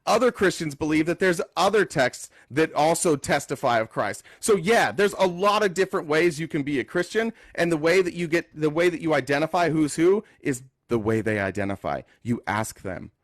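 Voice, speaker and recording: A man's voice: a little high, expressive, moderate pace, hardly any pauses, dry recording. A man in a heated street debate, arguing back with mocking casual slang.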